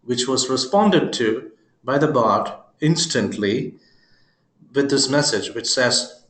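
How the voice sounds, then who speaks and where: A man giving a screen-recorded software demo, talking his viewers through it with joking, chuckling asides. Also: mid-range voice, lively intonation, takes it slowly, roomy sound. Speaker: software presenter.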